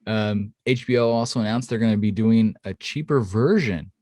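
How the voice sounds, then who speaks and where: A man co-hosting a podcast in casual chat, animated and profane, often laughing. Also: normal speed, dry recording. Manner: animated, swears, laughs often, mimics people in high voices. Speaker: podcast co-host.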